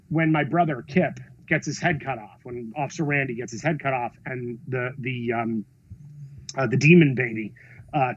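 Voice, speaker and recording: A film director, a man, telling stories in a podcast interview, expressive, acting out quotes and swearing freely. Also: fairly high pitch, highs cut off. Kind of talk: animated storytelling in a podcast interview.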